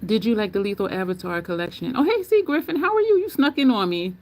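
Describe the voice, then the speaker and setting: A woman in a casual livestream chat, rambling through her opinions with plenty of ums and restarts. Her voice sits at an ordinary middle pitch for a woman. She talks loosely and chattily, as a beauty channel host answering her viewers. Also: big pitch swings, fast.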